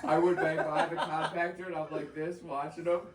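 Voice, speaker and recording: A man's voice: fairly high pitch, steady tone, a little fast, roomy sound, distant mic, a loud crowd. A man co-hosting a casual podcast, recounting pranks while laughing. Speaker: podcast co-host. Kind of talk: casual storytelling chat.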